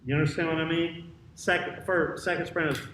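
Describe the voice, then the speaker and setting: High-voiced man leading a choir rehearsal. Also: steady tone, fairly bright tone, a little hiss or hum. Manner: brisk counting and sung demonstrations. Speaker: choir director. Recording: roomy, distant mic with piano.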